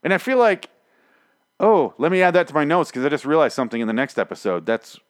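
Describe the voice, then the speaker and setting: A man's voice: on the high side, sing-song, fast talker, clean tone, no room sound. Rambling, profane young man recapping a show. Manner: rambling and profane, with frequent restarts. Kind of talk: casual spoken recap.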